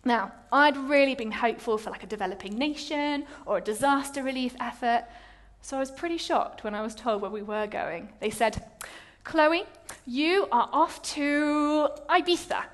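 Young woman preacher, slightly high voice, candid, self-deprecating storyteller. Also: fairly quick. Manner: animated, self-mocking storytelling with laughs. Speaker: speaker giving a testimony. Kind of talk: personal testimony sermon.

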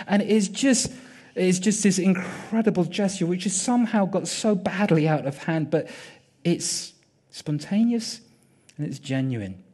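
A male preacher retells a story with vivid, dramatic storytelling, leaning on repetition and pauses. His voice runs high and husky. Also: dark tone. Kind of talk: sermon storytelling.

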